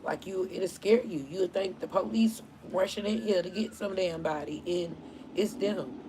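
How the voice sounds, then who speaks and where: A woman hosting a casual live stream, telling stories in an animated way and laughing often. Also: lowish voice, moderate pace, a little hiss or hum, low-quality recording.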